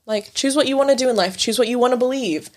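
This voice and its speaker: A woman's voice: fairly high pitch, fast talker. A young woman in casual chat, telling stories energetically and swearing freely. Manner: animated storyteller, swears, acts out her family.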